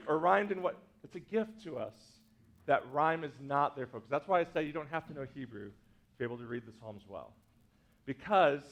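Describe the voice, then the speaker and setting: A man's voice: fairly high pitch, dull audio. A man, a pastor, giving a casual teaching talk to a congregation, full of "like" and "right?" asides. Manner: chatty, many fillers like "like" and "right?".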